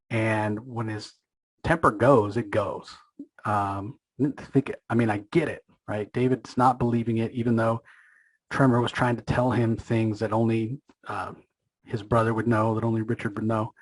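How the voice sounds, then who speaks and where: A man's voice: medium pitch, breathy edge, no room sound. A man hosting a casual comic book recap, chatty and opinionated, thinking aloud with plenty of fillers and restarts. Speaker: comic book reviewer and channel host.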